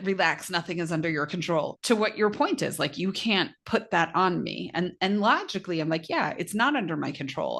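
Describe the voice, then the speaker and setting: Middle-aged woman, podcast co-host, low-ish voice, animated storyteller who acts out her own quotes. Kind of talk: casual chat.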